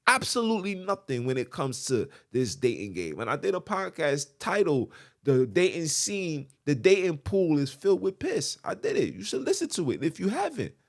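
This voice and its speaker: A man's voice: on the high side, big pitch swings, normal speed, creaky. Emphatic man preaching on a podcast. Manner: emphatic, repetitive, asks the listener "right?". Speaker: podcast host. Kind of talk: preachy podcast monologue quoting scripture.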